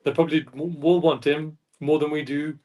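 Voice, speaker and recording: Man, slightly high voice, a fan panelist who rambles and keeps apologising; picked up from a distance. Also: steady tone, moderate pace, warm tone. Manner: rambling, apologetic, self-correcting. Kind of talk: casual chat. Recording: distant mic.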